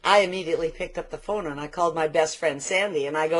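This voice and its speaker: An older woman giving a motivational business training talk, telling stories and slowing down to stress key points. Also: low voice.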